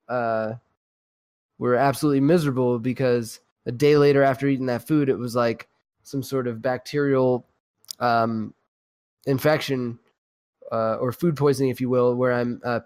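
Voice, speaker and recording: A man's voice: mid-range voice, steady tone, moderate pace, a little mellow. A man hosting a podcast in casual, profane chat, rambling and laughing often, while getting over food poisoning. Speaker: podcast host.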